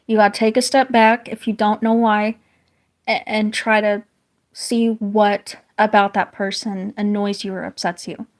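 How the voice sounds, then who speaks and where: A woman's voice: medium pitch, little pitch movement, a little slow. Woman, 30s, from the northern US; casual streamer who reads chat aloud, rambles and restarts often. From northern United States. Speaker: streamer chatting with viewers while drawing.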